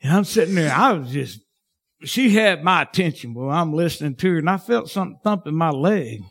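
A man preaching a sermon as pastor, fervent and folksy, swinging from shouts to hushed tones. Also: fairly high pitch, lively intonation, fairly quick.

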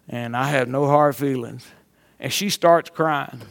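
A man's voice: a little high, moderate pace, creaky. A middle-aged man, a pastor preaching a sermon with folksy stories that build to fervent exhortation. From Mississippi.

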